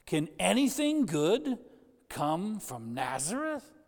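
A man's voice: medium pitch, sing-song, a little slow, vocal fry, husky, long reverb tail, heavily acted. A man voicing an indignant male apostle scoffing at a town, as part of a sermon told to a congregation.

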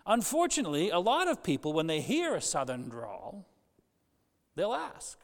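A preacher with a fairly high voice gives a relaxed, joking sermon, breaking off into asides and restarting his sentences. His voice rings with long reverb in a church sanctuary. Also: moderate pace, vocal fry. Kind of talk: conversational sermon.

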